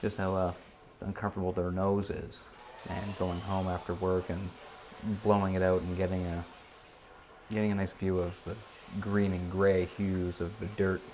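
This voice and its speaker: A man speaking as the subject of a documentary in a measured, deliberate way. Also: low-pitched, level tone, darkish tone, a little hiss or hum. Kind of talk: documentary narration.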